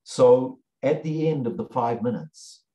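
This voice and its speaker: A man teaching a lesson through a story, with earnest, repetitive storytelling and long pauses. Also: medium pitch, expressive, mellow, muffled recording.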